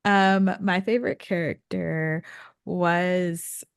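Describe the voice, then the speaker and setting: A woman's voice: on the low side, fairly even intonation, slow, gravelly, clear, resonant tone, no room sound, studio quality. A woman co-hosting a book podcast, talking in a laid-back, chatty way. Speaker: podcast co-host. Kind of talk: casual book chat.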